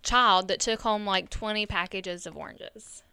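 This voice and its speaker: Bright, smooth-voiced woman chatting. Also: mid-range voice, unhurried. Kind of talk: casual chat.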